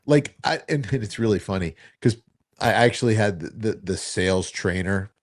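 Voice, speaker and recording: A man co-hosting a casual talk show, telling stories with animated acted-out quotes. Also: fairly low pitch, normal speed. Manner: animated, acts out quoted dialogue. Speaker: co-host. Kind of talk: casual storytelling chat.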